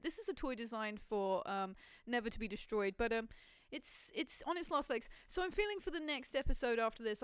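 A woman hosting a podcast from home on a boom-arm mic, rambling and giggly in casual chat. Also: clear, resonant tone, dry recording, studio quality. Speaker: podcast host. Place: home room with pets.

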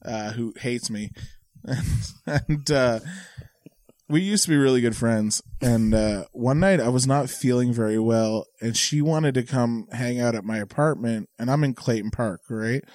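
A man's voice: mid-range voice, a little slow, darkish tone, no room sound. Man, comedian, tipsy, rambling, lots of "like", swears, dry close sound. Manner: rambling, repeats filler words, swears freely. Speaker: stand-up comedian and podcaster. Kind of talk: casual podcast chat.

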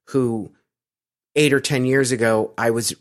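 A man's voice: medium pitch, steady tone, a little slow. A middle-aged American man being interviewed, telling personal stories in a rambling way with many fillers and restarts. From United States. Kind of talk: casual storytelling interview.

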